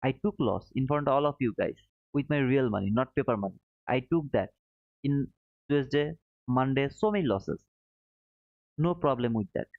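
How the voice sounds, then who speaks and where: A man's voice: medium pitch, lively intonation, moderate pace, creaky, dry recording. A man hosting a live trading stream, talking to his viewers in an apologetic, self-critical way, often restarting his sentences. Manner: apologetic, self-critical, frequent restarts, non-native phrasing. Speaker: livestream trading host. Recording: dry, tinny phone-like sound.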